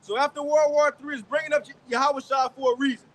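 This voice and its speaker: Man, very high voice, emphatic street preacher, keeps checking listeners follow. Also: steady tone, quick pace, rough recording. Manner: emphatic, keeps asking "you got it?". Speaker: lead teacher. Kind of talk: street preaching, interpreting scripture.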